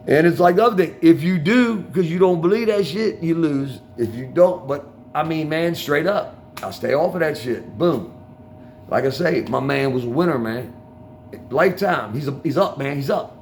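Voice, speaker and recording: A man's voice: a little high, expressive, normal speed, a little mellow, slight background noise. An older man with a Washington DC accent, rambling casually to viewers about betting, swearing freely and dropping "man" and "y'all" into nearly every line. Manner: rambling, profane street talk with constant "man" and "y'all". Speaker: vlogger talking to viewers. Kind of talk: casual storytelling monologue. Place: outdoors on a street corner.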